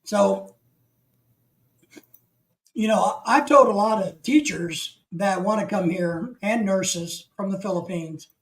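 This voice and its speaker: A man's voice: high voice, slow pace, pauses often, poor audio. A man from the United States hosting a casual live stream, rambling through opinions and reading chat comments aloud.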